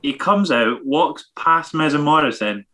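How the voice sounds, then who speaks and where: A man's voice: fairly high pitch, lively intonation, measured pace, pushed and bright. A man chatting as a podcast co-host, blunt, swearing and stammering on restarts. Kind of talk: casual chat.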